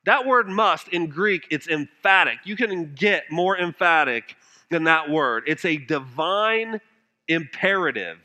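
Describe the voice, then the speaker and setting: Bright high-voiced male preacher. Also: expressive, a little slow. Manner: earnest preaching full of rhetorical questions, swinging from loud to hushed. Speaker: pastor. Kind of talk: sermon.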